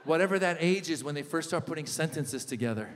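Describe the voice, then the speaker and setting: A middle-aged man doing an animated stand-up comedy set, acting out the voices of people in his stories. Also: fairly high pitch, quick pace. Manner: animated storytelling, acts out voices of others. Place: large theater stage. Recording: live hall reverb with audience ambience.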